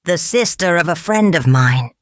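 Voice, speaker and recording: A woman's voice: fairly low pitch, lively intonation, moderate pace, dry recording, studio quality, close to an everyday voice. A woman voicing an earnest young male nobleman in a storybook, with a slightly raised voice. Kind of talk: storybook character voice.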